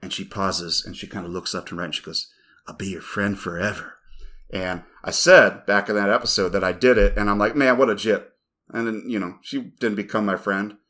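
A man's voice: on the low side, a little fast, fairly bright tone. A man co-hosting a podcast, telling a rambling, profane story in casual chat. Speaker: podcast co-host.

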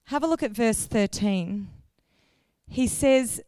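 A woman's voice: a little high, animated, slow, darkish tone, smooth, no room sound. A woman giving a sermon in a conversational way, asking the congregation questions and correcting herself as she goes. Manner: loses her place, corrects herself mid-sentence. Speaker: guest preacher.

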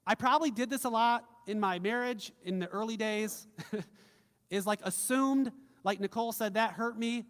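A male pastor delivering a casual, conversational sermon with animated emphasis. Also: high-pitched, moderate pace, long reverb tail.

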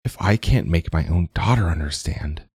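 A man's voice: low voice, lively intonation, moderate pace, darkish tone, husky, dry recording, clean studio sound, heavily acted. A man voicing a stubborn, defiant old woman scientist who talks insistently in a storybook reading. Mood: stiff. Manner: insistent, urgent.

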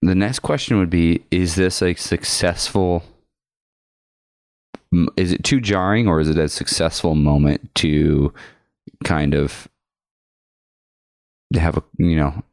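Deep, smooth-voiced man co-hosting. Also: unhurried, long pauses, no room sound, studio quality. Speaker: podcast co-host. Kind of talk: casual discussion.

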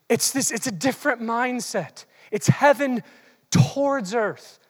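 Animated preacher in a reverberant hall. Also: medium pitch, measured pace. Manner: animated, teasing, occasionally shouting. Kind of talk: sermon. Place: large hall with long reverb.

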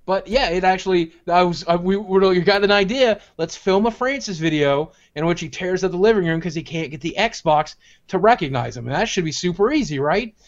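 A man's voice: sits high, fairly quick. A man co-hosting a stream, chatting casually in a profane, joking way and telling stories. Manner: profane, joking, animated storytelling. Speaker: streamer co-host. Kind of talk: casual chat. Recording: dull lo-fi sound.

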